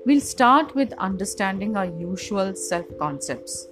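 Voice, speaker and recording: A woman giving a calm, measured philosophical lecture on the self, setting out examples one by one. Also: medium pitch. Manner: measured, reflective, lists examples deliberately. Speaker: spiritual teacher. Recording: music playing behind.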